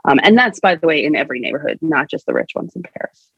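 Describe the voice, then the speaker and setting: A woman's voice: low-pitched, very animated, fast talker, gravelly, fairly bright tone, husky, no echo. Woman guest commentator, casual and chatty, muffled dry recording. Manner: chatty, with many fillers. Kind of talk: casual conversation.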